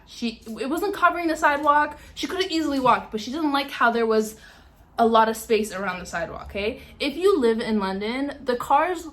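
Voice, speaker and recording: A young woman vlogger telling a dramatic story in a casual, animated way, full of fillers and acted-out sounds. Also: a little high.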